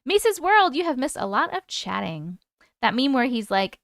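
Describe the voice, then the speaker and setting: A woman hosts a casual live stream in a bright, high, clear voice, thanking viewers and reading their comments out loud. Her chatty delivery is recorded close and dry, with no room sound. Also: very animated, moderate pace, no room sound. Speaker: host reading chat on a livestream.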